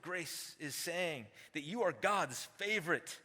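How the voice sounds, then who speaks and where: A man's voice: fairly high pitch, very animated, unhurried, sharp tone, husky. A man in his forties preaching a sermon as a teaching pastor, emphatic and conversational, tossing rhetorical questions to the congregation. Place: large church sanctuary. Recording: long hall reverb.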